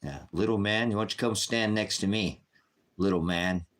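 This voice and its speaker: A man's voice: lowish voice, normal speed. A man in his fifties hosting a live chat, bluntly firing back at trolls with repeated retorts. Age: 50s. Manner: combative, answering trolls in chat. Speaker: livestream host.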